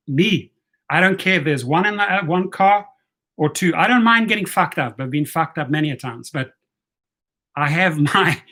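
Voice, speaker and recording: A man in his fifties, a channel host, telling a story in a casual vlog. He talks bluntly and animatedly and swears freely. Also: fairly high pitch. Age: 50s. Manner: animated, profane, blunt retelling of a confrontation.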